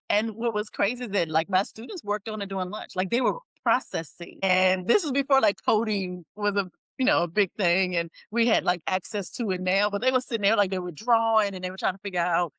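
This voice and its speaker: Animated woman podcast host. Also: mid-range voice, a little fast, no room sound. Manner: animated storytelling, acts out quotes. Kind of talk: casual chat.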